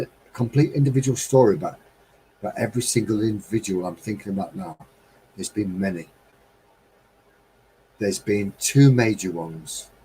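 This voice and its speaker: Middle-aged english guy on a live stream, lowish mellow voice, rambling and heartfelt. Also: slight background noise, poor audio. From England. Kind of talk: reflective casual monologue.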